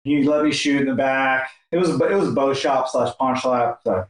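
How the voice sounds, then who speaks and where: A man's voice: medium pitch, normal speed. Chatty host man in an echoey room. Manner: relaxed, chatty, lots of fillers. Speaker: podcast host. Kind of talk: casual conversation.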